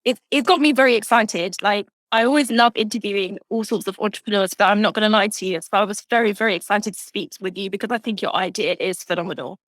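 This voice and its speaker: A woman's voice: medium pitch, fast talker, few pauses, fairly bright tone, dry recording. Enthusiastic woman interview host. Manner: enthusiastic, emphatic. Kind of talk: casual interview talk.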